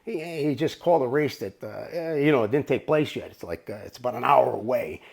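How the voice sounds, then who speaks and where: A man telling a rambling, profane story to camera in a casual, animated way. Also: mid-range voice, a little fast, vocal fry. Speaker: storyteller recounting his bookmaking days.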